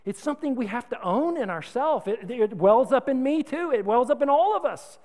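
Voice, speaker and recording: Animated high-voiced male preacher. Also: normal speed, long reverb tail. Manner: animated, conversational, humorous, exhorting. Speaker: pastor. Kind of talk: sermon.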